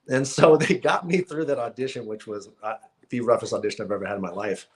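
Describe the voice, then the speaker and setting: Laughing, animated male storyteller. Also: mid-range voice, fast talker. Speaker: actor and guest. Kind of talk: casual interview chat.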